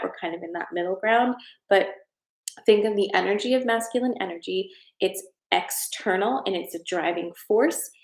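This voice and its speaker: A woman's voice: fairly low pitch, roomy sound, poor audio. A woman hosting a casual live-stream card reading from her home, chatty and heartfelt as she reads viewer comments. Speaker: host. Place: at home, in a room of her house.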